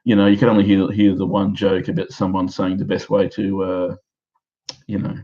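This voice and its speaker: A man's voice: low voice, flat delivery, normal speed, warm tone, lo-fi sound. A man in his thirties with an Australian accent, an amateur stand-up comedian rambling self-deprecatingly on a live stream from his own house, with many fillers. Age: 30s.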